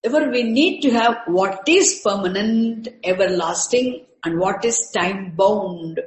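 A woman giving a spiritual lecture, slowly repeating terms and breaking Sanskrit words into parts. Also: medium pitch, echoey room, rough recording. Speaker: teacher of Sanskrit scripture. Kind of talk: slow, repetitive spiritual lecture.

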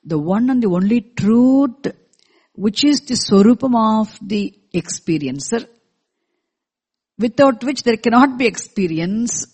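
A teacher explaining a scripture verse to a class in a measured way, repeating key terms and asking the listeners questions, with verses chanted slowly in between. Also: medium pitch, lively intonation, a little mellow, slightly rough. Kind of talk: scripture lecture.

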